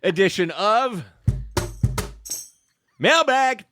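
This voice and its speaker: A man's voice: sits high, big pitch swings, very slow, over music. A man on a comedy podcast panel, playing straight man and feeding playful questions into a studio mic. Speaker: regular panelist. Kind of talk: casual comedic banter.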